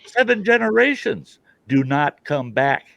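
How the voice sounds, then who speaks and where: A man's voice: high voice, very animated, unhurried, creaky, a bit bright, no echo, highs cut off. A man ranting bluntly in a casual group chat, acting out dialogue as he goes. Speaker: call participant.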